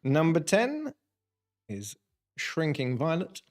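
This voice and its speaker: Brief: jokey quizmaster, slightly high voice, casual stream host. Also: male voice, wildly swooping pitch, slow. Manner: jokey, punning, reading out answers. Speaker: quiz host. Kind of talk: casual livestream quiz hosting.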